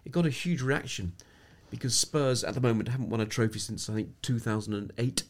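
A man's voice: mid-range voice, a little fast. A middle-aged man from England, a sports psychologist speaking as a podcast guest, reflective and anecdotal, often restarting his sentences. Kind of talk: podcast interview storytelling.

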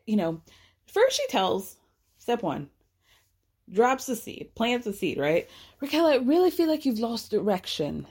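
Woman, podcast host, casual recap chat, sarcastic, chatty, mid-pitched. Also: darkish tone. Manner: chatty, sarcastic, laughs often.

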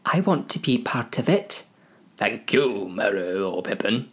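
A man's voice: fairly low pitch, big pitch swings, measured pace, slightly rough, exaggerated voice. A man voicing a chirpy, muddled young male hobbit in a comic storytelling.

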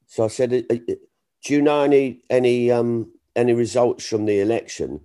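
A man's voice: mid-range voice, normal speed, clean tone. A middle-aged man, a comedian, telling stories in casual chat and acting out the exchanges he quotes. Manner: animated, frequent restarts, acts out quoted exchanges. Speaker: comedian guest.

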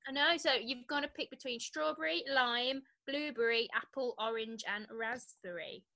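Bright-voiced sarcastic woman in her twenties. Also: on the high side, normal speed. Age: 20s. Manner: dry, teasing, sarcastic asides. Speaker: podcast co-host. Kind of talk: casual chat.

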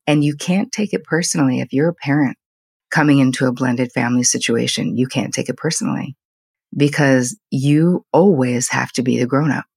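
An older woman with a husky, slightly breathy voice talks candidly, like a therapist sharing stories from her own family. She speaks in quick, animated bursts. The sound is dry and close, with no room around it. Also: rumbling low, dry recording. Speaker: psychotherapist, podcast guest. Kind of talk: conversational interview storytelling.

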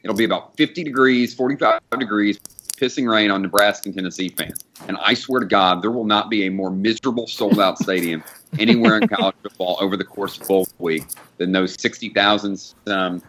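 A man with a fairly low voice talks football on a casual podcast. He rambles in an animated way, swears freely and breaks into laughs. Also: a little fast, slight background noise. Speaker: podcast co-host. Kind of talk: casual sports chat.

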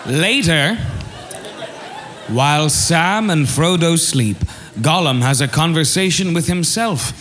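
A man's voice: on the high side, lively intonation, slow pace, fairly bright tone, some chatter behind. Wry male comedy narrator. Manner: wry, mock-dramatic.

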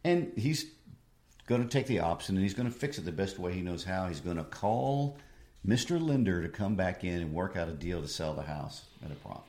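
Deep-voiced man in an echoey room. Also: lively intonation, brisk, a little mellow. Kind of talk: discussion of a play.

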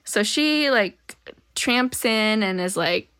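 A woman's voice: medium pitch, expressive, slow, a bit bright, clean tone, no echo, studio quality. A woman co-hosting a casual chat, reading passages aloud in a mock-formal voice and laughing often.

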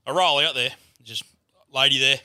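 A man's voice: medium pitch, normal speed, dry recording, studio quality. An Australian man, a comedian, telling a crude story in casual chat. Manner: crude, swearing, animated yarn-telling. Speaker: guest comedian.

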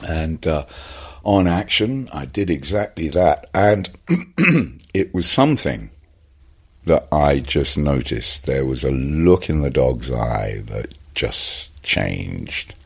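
A man's voice: extremely low pitch, big pitch swings, slow pace, breathy edge. A man telling a long, rambling anecdote as an interview guest, full of "uh" and "you know". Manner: rambling storyteller with many fillers and restarts, acts out quotes. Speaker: guest actor.

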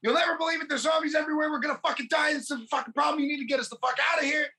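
A podcast host acting out a whiny, panicked young man who shouts at someone to get him away from zombies. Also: fairly even intonation, vocal fry, heavily acted. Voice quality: shouting, high and rushed.

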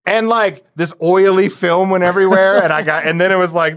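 A podcast co-host with a slightly high, somewhat bright male voice chats casually, swearing freely and laughing his way through stories. He drops into quick impressions of the people he describes. The studio-quality recording has no echo.

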